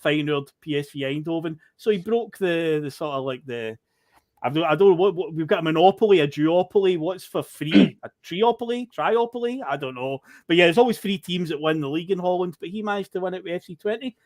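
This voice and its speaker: A man's voice: a little high, fairly quick, a little mellow, dry recording, clean studio sound. A Scottish man hosting a football podcast, recapping the season in a chatty, rambling way. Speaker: podcast host. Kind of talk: casual chat.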